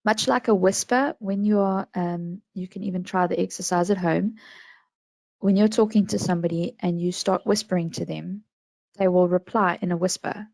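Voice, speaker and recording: A woman with a South African accent giving calm, measured advice on handling complaints in a business webinar. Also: fairly low pitch, creaky, dry recording. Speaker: national complaints administrator.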